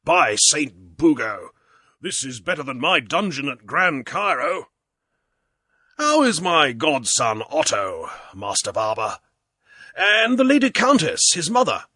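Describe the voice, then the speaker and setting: A British man reading aloud, voicing a tough old male crusader knight who swears slow, emphatic oaths. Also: a little high, very animated, bright, forceful tone, no room sound, studio quality, exaggerated voice. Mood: hearty.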